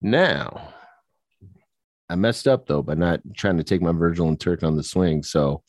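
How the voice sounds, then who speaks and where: A man co-hosting a casual movie podcast, animated, laughing often and restarting his sentences. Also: deep voice, measured pace, dry recording, clean studio sound. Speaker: podcast co-host. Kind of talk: casual chat about movies.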